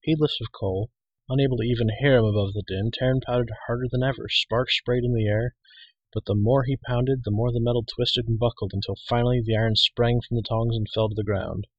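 A man reading a fantasy novel aloud in a steady, measured way. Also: mid-range voice, slightly rough, no room sound, dull audio. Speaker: reader. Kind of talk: audiobook reading.

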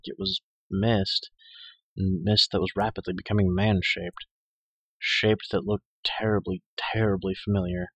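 Male audiobook narrator, deep and bright-edged, dramatic first-person delivery. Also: no echo, low-quality recording.

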